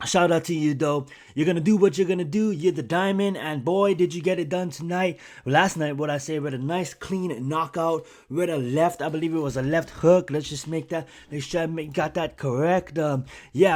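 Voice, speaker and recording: Excitable young man rambling about fights. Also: a little high, normal speed. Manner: excitable, rambling, full of fillers and restarts. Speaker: YouTube channel host. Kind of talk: casual fight commentary vlog.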